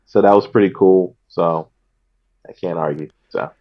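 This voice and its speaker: A man's voice: low-pitched, steady tone, normal speed. Laid-back man on a lo-fi line. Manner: laid-back, laughs often, trails off. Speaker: guest comedian. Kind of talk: casual podcast chat. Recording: dull lo-fi sound.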